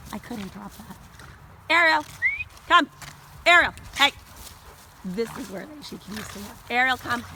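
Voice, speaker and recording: A chatty woman dog trainer explains her methods outdoors and breaks off to call her dogs back in a loud voice. Her pitch sits in the middle of the usual range. The recording is noisy, with dogs playing in the background. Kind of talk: casual outdoor training demo.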